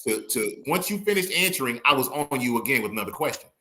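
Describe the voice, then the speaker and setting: Here a male lawyer talks at a brisk, rapid clip with a bright, forceful edge to his voice. He acts out courtroom back-and-forth as he chats casually in an interview. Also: mid-range voice. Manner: animated, quick, acts out courtroom exchanges. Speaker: attorney guest, former prosecutor.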